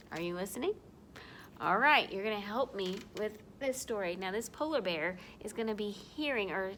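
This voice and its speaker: A woman teacher reading a picture book aloud to young children, sing-song and animated, sometimes dropping to a whisper. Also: fairly high pitch, a little hiss or hum.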